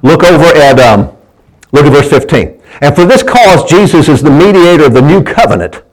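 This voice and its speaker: A man's voice: fairly high pitch, sing-song, moderate pace, poor audio. A man preaching a sermon, in a folksy manner that keeps asking the congregation to answer back and often stumbles and restarts his words. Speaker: pastor.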